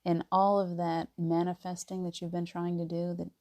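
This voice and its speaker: Woman, spiritual talk, soft-spoken, low voice, warm mellow tone, laughs often. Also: completely flat delivery, normal speed. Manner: soft and gentle, drops to near whispers. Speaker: spiritual teacher.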